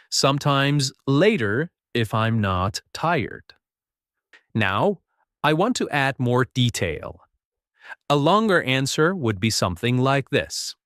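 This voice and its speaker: A man teaching a beginner English lesson, speaking slowly and patiently and modeling sentences for listeners to repeat. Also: mid-range voice, a bit bright, no room sound, studio quality. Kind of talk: slow, clear spoken English lesson.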